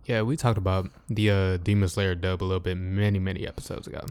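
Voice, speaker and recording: Easygoing low-voiced young man. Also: little pitch movement, fast, clean tone, no room sound. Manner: easygoing, reads listener shout-outs. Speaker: podcast co-host. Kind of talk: casual podcast chat.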